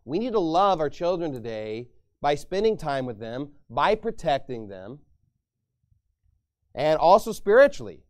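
High-voiced man preaching emphatically. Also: very animated, unhurried, darkish tone. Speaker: pastor. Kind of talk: sermon.

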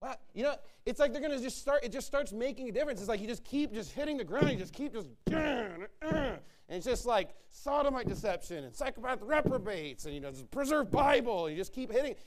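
A man's voice: very high-pitched, expressive, quick pace, hardly any pauses. A man preaching a sermon to his church, emphatic and repetitive as he rallies his listeners.

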